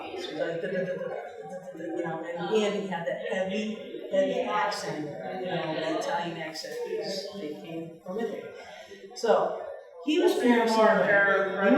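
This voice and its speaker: A middle-aged woman on a panel, telling stories in a chatty, animated way. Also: mid-range voice. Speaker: panelist, paranormal radio host. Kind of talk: storytelling on a panel. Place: large event room. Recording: very echoey room, far from mic.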